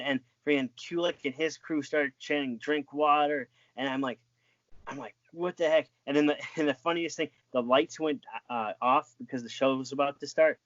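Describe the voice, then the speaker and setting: A man talks through his stories in a loose, rambling way, stopping and restarting mid-sentence. His voice sits at an ordinary pitch. The audio is dry and a little dull. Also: fairly bright tone, dry recording. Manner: rambling, with many restarts and fillers. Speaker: interview guest, former wrestling referee. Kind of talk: casual storytelling.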